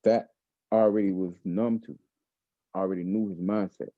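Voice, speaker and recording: American man, lowish voice, emphatic storyteller, repeats himself, dull dry lo-fi recording. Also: steady tone, fairly quick, mellow, no room sound. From United States. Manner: emphatic, repeats phrases, acts out quoted dialogue. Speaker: guest. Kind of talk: animated first-person storytelling.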